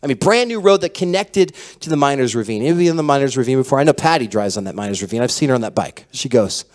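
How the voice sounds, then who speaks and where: A man preaching a sermon as pastor, telling stories with a voice that drops to a hush and then rises loud. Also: mid-range voice, rapid-fire. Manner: animated storytelling, dropping to a hush then rising loud. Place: church hall.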